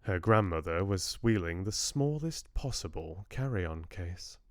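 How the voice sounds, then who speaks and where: A man reading a novel aloud to his livestream book club in a measured, expressive way. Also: low-pitched, dry recording, clean studio sound.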